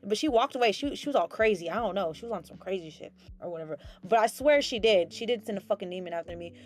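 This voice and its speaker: A young woman hosting a casual spiritual chat, rambling with many fillers and telling stories in an animated way. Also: mid-range voice, quick pace. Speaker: host.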